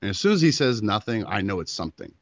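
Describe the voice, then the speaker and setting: A man with a very low, deep voice, telling a long story to his podcast co-host and acting out what each person said. The sound is dry and a little muffled. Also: fast talker, no echo. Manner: animated storyteller, acting out quotes. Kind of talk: casual chat.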